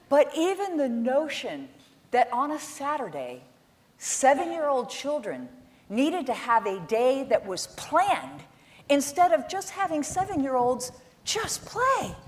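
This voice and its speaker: A middle-aged woman giving a keynote talk on stage, telling stories in an animated, exasperated way, often rising in pitch and volume when making a point. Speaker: keynote speaker. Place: conference stage.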